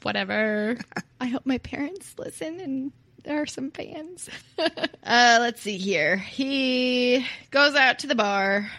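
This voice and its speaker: A woman's voice: a little high, takes it slowly, pushed and bright. A woman co-hosting a podcast, telling a true-crime story in casual chat and laughing often. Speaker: podcast co-host.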